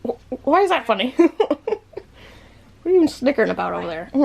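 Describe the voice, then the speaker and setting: A woman's voice: a little high, sing-song, fairly quick, creaky, slightly rough. A woman vlogger chatting playfully to her pet parrot in teasing baby-talk, laughing often.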